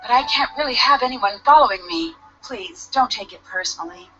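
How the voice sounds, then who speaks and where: A woman's voice: on the high side, lively intonation, fairly quick, fairly bright tone, slightly rough, faint music behind. An actress voicing a polite, determined young woman detective in a mystery game. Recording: dull lo-fi game audio.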